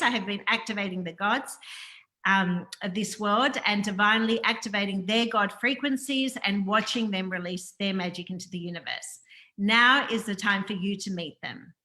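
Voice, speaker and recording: This is the host of a spiritual interview, a woman reading a scripted intro with earnest affirmation and repeated phrases. She has a medium-pitched voice with a sharp tone.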